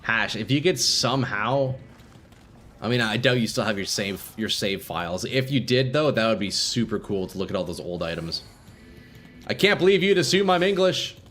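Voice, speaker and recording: A man's voice: fairly low pitch, normal speed, fairly bright tone, faint music behind. A young man streaming a game live, chatting casually with viewers and swearing freely. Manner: laid-back, swears freely, chats with viewers.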